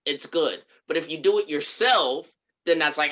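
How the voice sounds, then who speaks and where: A man's voice: fairly high pitch, moderate pace, pushed and bright. A man co-hosting a podcast, asking questions in casual chat and laughing easily. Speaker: podcast co-host.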